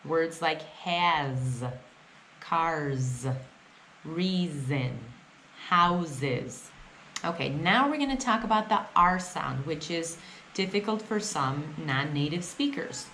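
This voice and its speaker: A young woman teaching English pronunciation on camera. She models each sound slowly and often checks in with the learner. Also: low voice, lively intonation, a bit bright, slight background noise.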